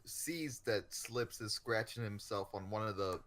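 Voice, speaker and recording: A man's voice: fairly low pitch, unhurried, a bit bright. A man co-hosting a podcast in casual chat, musing earnestly in long run-on thoughts. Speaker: podcast co-host.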